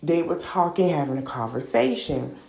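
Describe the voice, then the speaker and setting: Low gravelly woman recapping gossip. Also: lively intonation, normal speed, darkish tone, roomy sound. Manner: gossipy and opinionated, slangy storytelling. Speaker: podcast host. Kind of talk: casual reality-show recap.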